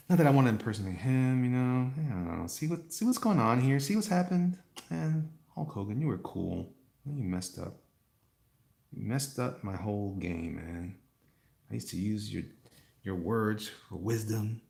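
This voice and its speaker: A man's voice: on the low side, vocal fry, warm tone. A man hosting a live stream, chatting casually with viewers while he draws, rambling and poking fun at himself. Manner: rambling, self-mocking, chuckles often; talks to the chat.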